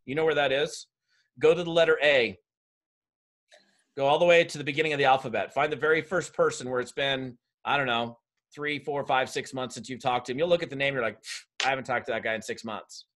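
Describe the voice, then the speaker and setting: A man leads a video-call coaching session for network marketers, talking directly to them with lots of energy. His mid-range voice keeps a brisk pace.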